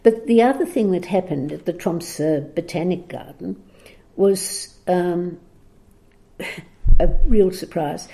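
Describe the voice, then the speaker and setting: A woman recounts a story in a relaxed, conversational way. Her voice sits a little low and sounds warm and mellow. She laughs often and fills pauses with ums as she backtracks and restarts. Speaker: guest storyteller. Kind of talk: conversational anecdote on a recorded program.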